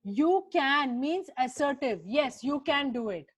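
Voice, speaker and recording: A woman with an Indian English accent teaching an online grammar class to children over a video call, coaxing them along with brisk, repeated prompts. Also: high-pitched, animated.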